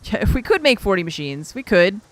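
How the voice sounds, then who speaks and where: A woman's voice: mid-range voice, big pitch swings, brisk, no echo. Flustered woman streamer thinking aloud. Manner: thinking aloud, flustered by numbers, self-mocking. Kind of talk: casual gameplay commentary.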